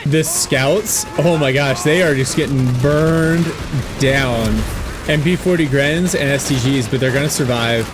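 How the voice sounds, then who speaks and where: A man casting a strategy game replay in a relaxed way, thinking aloud with fillers and joking about himself. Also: on the high side, unhurried, over music. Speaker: game caster. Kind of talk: casual esports commentary over a replay. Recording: game battle sounds with gunfire and artillery behind.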